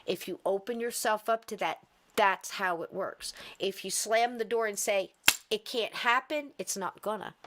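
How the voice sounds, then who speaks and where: A woman's voice: mid-range voice, normal speed, fairly bright tone, a little hiss or hum. A woman hosting a podcast, talking casually and rambling with lots of laughter. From US East Coast. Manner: chatty, rambling, laughs often. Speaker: podcast host.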